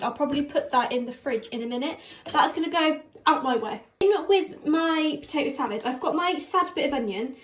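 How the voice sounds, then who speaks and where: High-voiced chatty woman cooking. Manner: chatty, rambling, self-mocking. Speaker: cooking vlogger. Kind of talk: casual cooking chat. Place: home kitchen. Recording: echoey kitchen with background noise.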